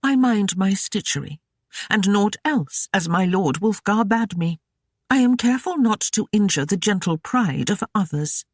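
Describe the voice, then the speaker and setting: A reader voicing a scornful noblewoman with a rasping temper, snarling and railing at the men around her in a historical romance audiobook. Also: medium pitch, animated, a little slow, no room sound, studio quality, voice pushed up. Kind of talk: audiobook character voice.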